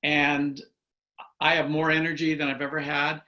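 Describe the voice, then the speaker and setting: A man's voice: on the high side, completely flat delivery, moderate pace, sharp tone. A man in his sixties, an enthusiastic guest telling stories in a casual video call chat. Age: 60s. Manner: enthusiastic storyteller.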